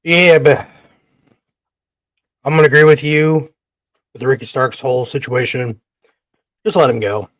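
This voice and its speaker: A man's voice: medium pitch, steady tone, a little slow, pauses often, fairly bright tone, no room sound. A man hosting a wrestling podcast in casual chat, rambling and swearing freely, sometimes talking while eating. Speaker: podcast host.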